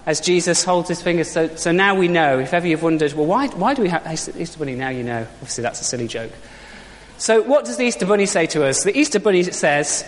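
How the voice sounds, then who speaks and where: A man's voice: high-pitched, slight background noise. A man preaching an Easter sermon in a chatty, informal way, full of rhetorical questions. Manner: informal, conversational, uses props and rhetorical questions. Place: church. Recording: long church reverb.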